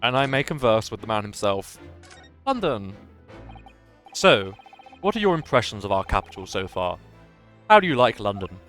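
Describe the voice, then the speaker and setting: A man's voice: fairly low pitch, sing-song, a bit bright, faint music behind. Man playing a posh, stoic British chief judge. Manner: stiff, formal and measured.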